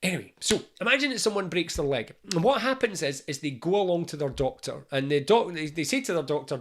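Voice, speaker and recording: A man's voice: a little high, animated, quick pace, few pauses, fairly bright tone. Man giving a playful explanatory talk. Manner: conversational, playful, acts out short dialogues. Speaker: mental health educator. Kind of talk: explanatory talk with acted-out dialogue.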